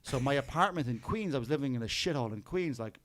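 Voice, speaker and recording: A man's voice: medium pitch, fast, dry recording. A man from Cork with an Irish accent, a podcast guest telling stories with lots of swearing and acted-out quotes. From Ireland. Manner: lively storyteller, swears a lot, acts out quotes. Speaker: podcast guest, clown teacher. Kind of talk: casual podcast chat.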